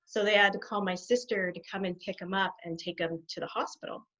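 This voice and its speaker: A middle-aged woman, a guest behaviour specialist, telling her stories in an animated way and laughing often. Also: mid-range voice, brisk. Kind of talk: conversational interview. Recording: dull lo-fi sound.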